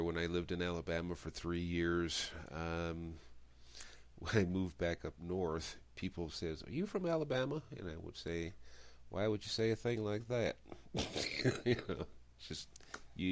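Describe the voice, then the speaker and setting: Middle-aged male host, deep low voice, chatty and rambling. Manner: chatty, rambling, self-correcting. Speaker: radio show host. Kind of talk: interview.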